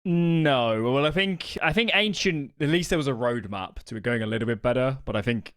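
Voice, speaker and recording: A man giving esports color commentary in a relaxed, analytical, slightly hesitant way. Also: medium pitch, fairly quick, no echo, studio quality.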